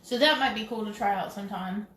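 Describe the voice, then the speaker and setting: A woman's voice: medium pitch, fast, fairly bright tone, a little hiss or hum. A woman co-hosting a casual live stream, chatty and giggly, rambling from topic to topic. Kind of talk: casual chat. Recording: echoey room.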